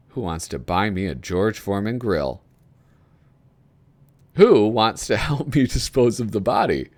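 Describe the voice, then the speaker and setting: A man with a lowish voice that swings widely in pitch as he talks. He reads items aloud, chuckles often and rambles in a casual, chatty way. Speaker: video host flipping through a magazine. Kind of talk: casual commentary.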